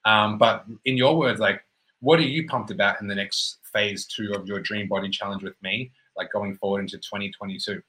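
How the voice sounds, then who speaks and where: A man's voice: lowish voice, steady tone, fairly quick, sharp tone, rough recording. A man hosting a podcast as a fitness coach, asking long rambling, upbeat questions. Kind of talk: casual podcast interview.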